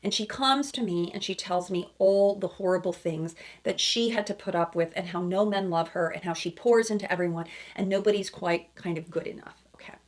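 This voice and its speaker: A woman couples therapist gives emphatic reaction commentary in a lowish voice, talking briskly with few pauses. She often checks in with asides like "okay?" and "right?" and acts out quoted lines in other voices.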